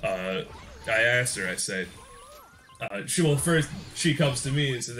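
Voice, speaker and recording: A man's voice: mid-range voice, expressive, measured pace, sharp tone. A young man hosting a gaming channel, giving casual gameplay commentary in a rambling, joking way and often laughing mid-sentence.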